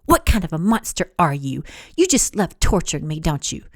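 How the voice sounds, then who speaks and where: A woman voicing an indignant young woman who shouts in a high, shrill voice during a storybook romance reading. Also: very animated, normal speed, dry recording, studio quality, exaggerated voice.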